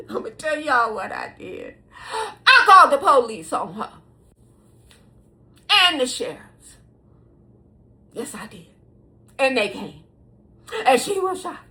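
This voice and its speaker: Brief: middle-aged woman vlogger, high bright voice, lively lecturing tone, laughs through her points. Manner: animated, preachy, laughs mid-sentence, addresses viewers as y'all. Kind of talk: casual advice monologue to camera.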